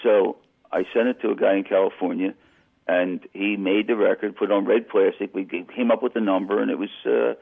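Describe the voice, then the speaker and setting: A man's voice: on the low side, steady tone, fairly quick, gravelly. An older man telling a long, rambling story as a guest, correcting himself as he goes, heard over a phone-like radio line. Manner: rambling, self-correcting anecdote. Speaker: interview guest. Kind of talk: casual storytelling.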